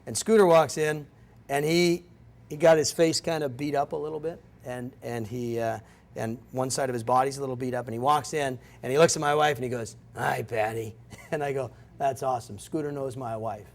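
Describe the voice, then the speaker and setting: A man's voice: medium pitch, fairly even intonation, a little fast. A middle-aged man giving a guest lecture, telling stories in a rambling, self-interrupting way. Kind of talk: storytelling lecture. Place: lecture room.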